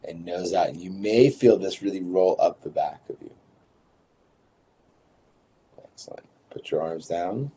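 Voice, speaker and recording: A man guiding a breathing practice, calmly counting breaths and giving short instructions. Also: deep voice, moderate pace, slight background noise. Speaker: breathwork guide.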